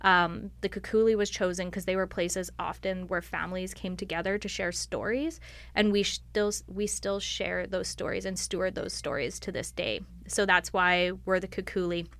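A woman's voice: on the low side, fairly even intonation, moderate pace, fairly bright tone. A woman on staff answering interview questions in a thoughtful, explanatory way, often using "like" as a filler. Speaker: library staff member.

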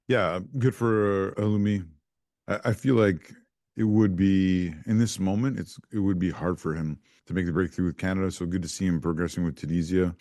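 Very deep-voiced man in dry, casual chat. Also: steady tone, mellow, no echo. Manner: halting, restarts often, easygoing. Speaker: podcast co-host.

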